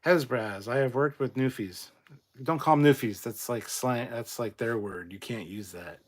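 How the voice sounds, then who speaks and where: A man hosting a casual livestream, reading viewer comments aloud and adding quick, swearing asides. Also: medium pitch. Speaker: livestream host reading chat.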